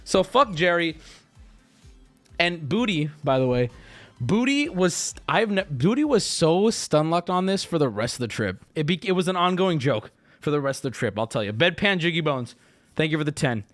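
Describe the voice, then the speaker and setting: Swearing streamer man, 30s, high and very lively delivery, casual anecdote to chat. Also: moderate pace, soft background music. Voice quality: animated, swearing, jokey. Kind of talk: casual storytelling to a live chat.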